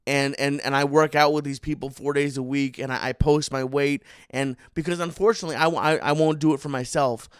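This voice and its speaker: A man's voice: a little high, steady tone, a little fast, few pauses, clean tone, no echo, clean studio sound. A man hosting a podcast in casual chat, giving brief encouraging replies and joking with his guest. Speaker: podcast host.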